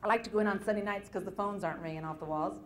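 A woman gives a motivational talk to a live audience, retelling stories with lively repetition. Her voice sits at an ordinary middle pitch. She speaks like a seasoned self-help presenter. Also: very fast, a little hiss or hum. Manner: storytelling, lively retelling with repeated phrases.

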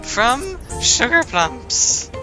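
Sweet friendly girl pen pal, guy reading her letters, sing-songy, slow and lively, clear game music behind. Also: extremely high pitch, pitched above the performer's own voice, full character voice. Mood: cozy.

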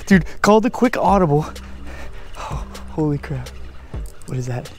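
Excitable man vlogging outdoors. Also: on the high side, slow pace, music in the background. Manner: excitable and slangy, exclaiming often. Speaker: fishing vlogger. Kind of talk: casual outdoor vlog narration. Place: outdoors on a beach and rocky jetty.

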